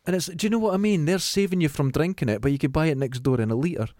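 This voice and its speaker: A middle-aged Scottish man co-hosting a podcast in casual chat. He tells stories with animated delivery and acts out quoted lines in a raised voice. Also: on the high side, quick pace, no room sound, clean studio sound. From Scotland. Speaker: podcast co-host.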